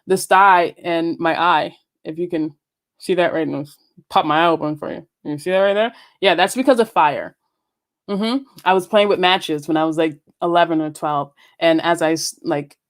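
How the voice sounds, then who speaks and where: A woman hosting her own podcast, chatting casually and playfully, laughing often and swearing freely. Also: on the low side. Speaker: podcast host. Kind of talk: casual solo podcast chat.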